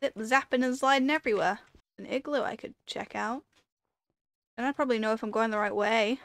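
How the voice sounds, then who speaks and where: A woman's voice: a little high, brisk, fairly bright tone, dry recording. A woman giving casual commentary while playing a video game, talking to herself and breaking into panicked repeated pleas. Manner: chatty, rambling storytelling with fillers. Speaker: gaming video creator.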